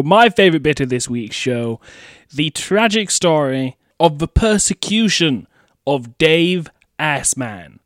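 A man hosting a comedy show, telling a story with self-mocking asides. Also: a little high. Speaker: host. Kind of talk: comedic storytelling and news segment.

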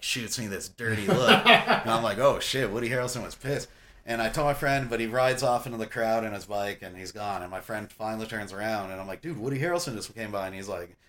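A man telling a long casual story with lots of swearing, getting loud and high when he quotes himself yelling. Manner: profane, animated, loud when quoting himself. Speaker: podcast guest.

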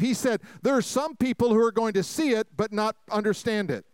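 A pastor preaching a sermon to a congregation, telling stories with jokes and acted-out voices, swinging between loud preaching and quiet asides. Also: male voice, high voice, brisk, hardly any pauses, smooth, dry recording. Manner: folksy, jokey storytelling with acted-out quotes. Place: church sanctuary before a congregation.

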